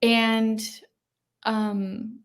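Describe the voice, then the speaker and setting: A woman interviewing a guest in a relaxed chat, animated and laughing often. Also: on the high side, very slow. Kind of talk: casual conversation.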